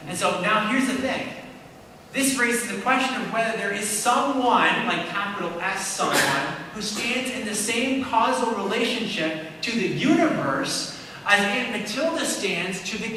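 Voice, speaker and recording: Speaking a little slowly in a high, expressive voice, the apologist keeps his church talk conversational and regularly checks in with the audience. The recording is distant and echoey, with noise in the background.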